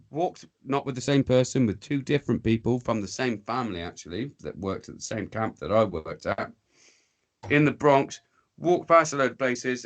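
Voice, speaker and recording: An English man telling a rambling, sweary story in casual podcast chat, breaking into voices for the people in it. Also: medium pitch. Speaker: podcast guest.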